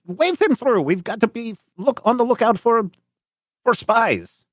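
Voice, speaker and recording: A man voicing an impatient male checkpoint officer who barks orders in a high, strained voice. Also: big pitch swings, dry recording, studio quality, full character voice. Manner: high, strained, drawn-out delivery.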